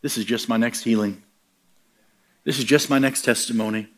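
Middle-aged male preacher, mid-pitched voice, punchy storytelling delivery. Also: fairly even intonation, normal speed. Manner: storytelling preacher, acts out quoted voices, rising emphatic punches. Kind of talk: sermon.

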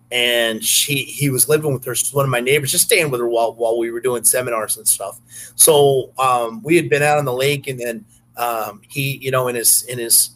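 Guy, podcast guest, mid-pitched, rambling storyteller heavy on fillers. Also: fairly bright tone, low-quality recording. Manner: rambling, many fillers and restarts. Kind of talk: casual anecdote telling.

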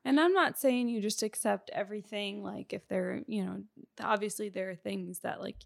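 A woman's voice: mid-range voice, moderate pace, creaky, dry recording, studio quality. A young woman co-hosting a casual couple podcast, laid-back and teasing, saying "like" a lot. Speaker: podcast co-host.

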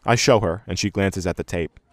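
A man narrating a first-person short story in a measured, even way. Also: low-pitched, no echo, studio quality.

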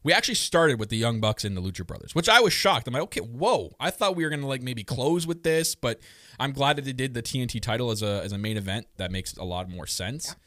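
Male podcast co-host, excitable and jokey, recorded close and dry. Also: medium pitch, fast, dry recording. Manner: excitable, joking, many restarts. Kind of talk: casual wrestling chat.

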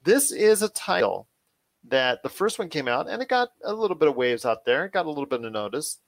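A man's voice: fairly high pitch, a little fast, vocal fry, no room sound. Upbeat, rambling male podcast host. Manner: energetic, rambling, enthusiastic. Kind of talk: casual chat.

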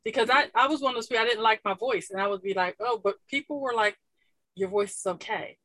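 A woman's voice: on the high side, quick pace, bright, forceful tone, dry recording, low-quality recording. A woman guest on a podcast giving encouraging advice in a casual chat. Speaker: guest author and coach.

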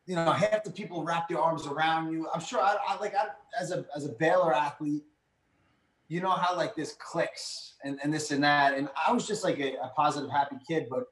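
A man in his thirties telling stories in casual chat, animated and rambling with lots of fillers. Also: a little high, a little fast. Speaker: podcast guest. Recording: echoey room.

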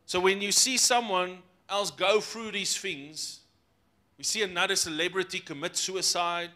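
A man's voice: high voice, measured pace, bright, forceful tone. A man preaching a sermon as pastor, playful and acting out voices of his congregation between points.

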